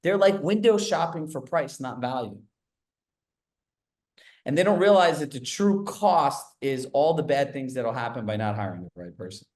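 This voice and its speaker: A man leading a live coaching call on a video call, talking with quick asides and quizzing his group. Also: mid-range voice, expressive, darkish tone. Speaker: real estate sales coach.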